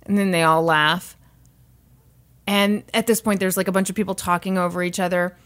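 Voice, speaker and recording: A woman's voice: lowish voice, steady tone, normal speed, a bit bright. A woman co-hosting a podcast, telling a story in casual chat and acting out quotes in exaggerated voices. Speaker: podcast co-host.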